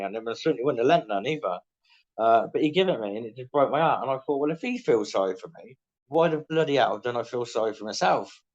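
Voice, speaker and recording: A man's voice: fairly low pitch, darkish tone, highs cut off. A middle-aged English man telling his life story candidly in casual interview talk, often acting out what people said to him. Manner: candid, self-mocking, acts out quoted dialogue.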